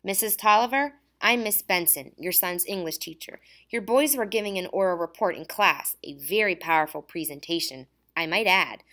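A woman reading the part of a caring female schoolteacher who speaks in an earnest, gently reassuring way. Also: lowish voice, natural voice. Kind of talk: audiobook dialogue.

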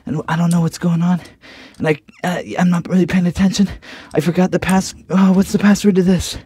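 Young man, comedic goodbye vlog, flustered, rambling, slightly high voice. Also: flat delivery, normal speed, few pauses, warm tone, husky, no echo.

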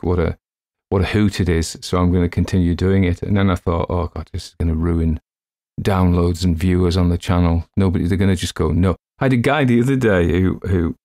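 A man's voice: low-pitched, mellow. A man, an audiobook narrator chatting casually and rambling in a self-deprecating way after a reading.

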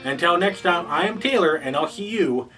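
A man's voice: on the high side, expressive, normal speed, pushed and bright, far from the mic, soft background music, rough recording. A man hosting a scripted board game review, upbeat, asking rhetorical questions before giving his verdicts.

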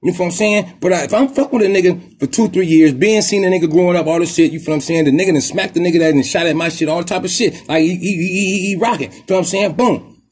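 A man from Oakland with an Oakland accent, hosting a podcast and telling a story in a rapid, profane, animated street style. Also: sits high, husky. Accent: Oakland, Bay Area. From Oakland, California. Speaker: podcast host. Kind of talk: casual monologue storytelling.

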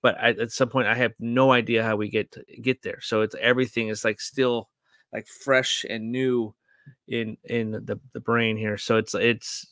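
A man's voice: medium pitch, flat delivery, normal speed, fairly bright tone, no room sound, studio quality. A man co-hosting a casual podcast, rambling with lots of likes and restarts and laughing often mid-sentence. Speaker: podcast co-host reviewing a TV series.

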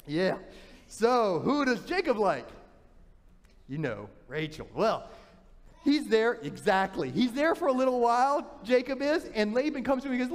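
Guy pastor preaching, high voice, long echo in the church, storytelling, lots of restarts. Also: unhurried. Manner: animated storytelling with frequent restarts. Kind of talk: sermon. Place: church sanctuary.

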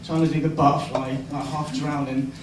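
A young man performing a stand-up comedy set, hesitant and deadpan, with lots of uhs and ums. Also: on the high side, normal speed, background noise. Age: young adult. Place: comedy club stage. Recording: echoey live venue, distant mic, loud crowd laughter. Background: audience laughter.

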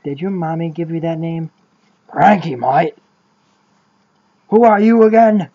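A woman's voice: low voice, unhurried, lo-fi sound. A woman voicing a crude, foul-mouthed male podcast host who talks brashly and stammers, in a parody call-in show. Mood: annoyed.

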